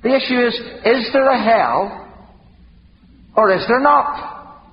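High, impassioned male preacher. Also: slow, slight background noise. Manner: impassioned, rhetorical questions, dramatic emphasis. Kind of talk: sermon. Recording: dull lo-fi recording in a reverberant hall.

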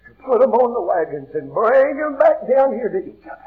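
A man's voice: very high voice, very animated, normal speed, voice pushed up. Preacher voicing joseph, a grown man, choked up and commanding, muffled lo-fi tape. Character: Joseph, grown man revealing himself to his brothers.

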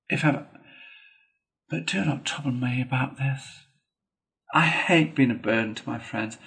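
A man reading a storybook, voicing a languid, self-pitying male toad in a feeble, drawn-out, plaintive manner. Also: mid-range voice, vocal fry, fairly bright tone.

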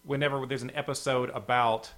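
A man's voice: medium pitch, fairly even intonation, brisk, a bit bright. A man co-hosting a podcast, laughing often and talking in a self-deprecating way. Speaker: podcast co-host. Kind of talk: casual chat.

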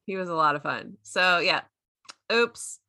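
A woman's voice: on the low side, expressive, unhurried, sharp tone, no room sound, clean studio sound. A woman in her thirties, co-hosting a casual recap chat, chatty and laughing often as she quotes characters in silly voices. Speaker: podcast co-host recapping a show.

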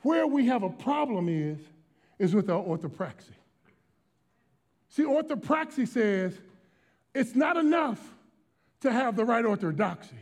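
A middle-aged male pastor from Washington, D.C., preaching a sermon with a notably high voice for a man. His delivery is emphatic and dynamic, moving from shouted lines to hushed storytelling. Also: very animated, unhurried, pauses often.

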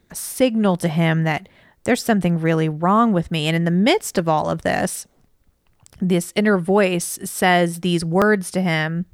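A woman's voice: fairly low pitch, no room sound, studio quality. A woman co-hosting a podcast, chatting casually and thoughtfully about a book she is reading. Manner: thoughtful, analytical, peppered with "you know". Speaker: podcast co-host; mother of school-age kids.

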